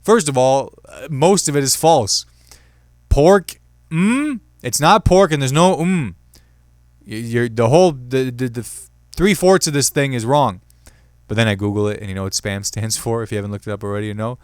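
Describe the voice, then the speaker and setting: A man's voice: medium pitch, a little fast, darkish tone, clean tone, dry recording, clean studio sound. A young man hosting his own comedy podcast, rambling and joking, amused at his own bits. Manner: rambling, self-amused, jokey. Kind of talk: solo comedy podcast chat.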